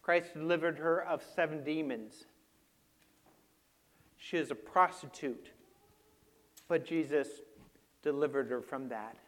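A man preaching a sermon with slides, moving from quiet reflection to loud, emphatic passages. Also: on the high side, slow, pauses often. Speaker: pastor.

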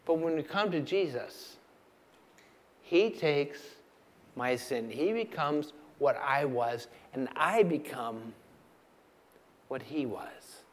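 A male pastor delivers a sermon at a slow, deliberate pace in a fairly high voice. He leans on questions to his listeners and swings between forceful emphasis and hushed near-whispers. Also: animated.

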